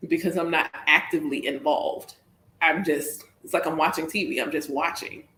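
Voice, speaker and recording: A woman's voice: sits low, fairly even intonation, moderate pace, sharp tone. A woman with a Southern US accent chatting casually as a spiritual reader on a livestream, talking in loose, repetitive circles and addressing listeners as y'all. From Southern United States. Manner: chatty, repeats herself, calls listeners y'all. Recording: roomy echo.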